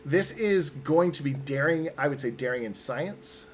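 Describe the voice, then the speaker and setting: A man's voice: a little high, animated, normal speed, a little hiss or hum. A man running a tabletop roleplaying game as game master, upbeat and patient as he explains the rules step by step.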